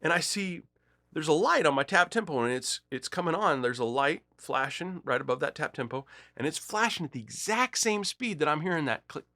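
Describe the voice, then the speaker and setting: A man's voice: a little fast, no echo, studio quality. A man hosting a guitar gear show, telling a story with acted-out quotes and then demonstrating pedals in a casual, chatty way. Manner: animated storyteller, acts out quoted dialogue with big pitch jumps. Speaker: music store host demonstrating guitar gear.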